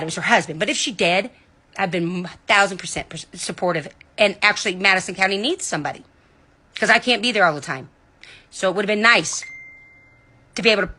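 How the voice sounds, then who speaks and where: A woman delivering a heated, indignant monologue, cussing and swinging between loud outbursts and low muttering, recorded at home in bed. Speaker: vlogger. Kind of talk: angry ranting monologue.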